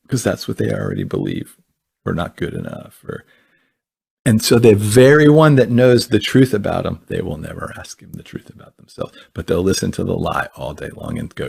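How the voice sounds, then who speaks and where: A man's voice: on the low side, vocal fry, darkish tone, husky. A man speaking earnestly in a conversational teaching style, often repeating words and restarting his phrases. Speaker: Christian ministry speaker.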